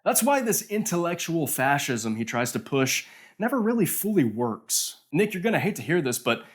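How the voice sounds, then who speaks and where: A man's voice: fairly high pitch, sing-song, moderate pace. Sardonic male documentary narrator. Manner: sardonic, critical. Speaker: video narrator.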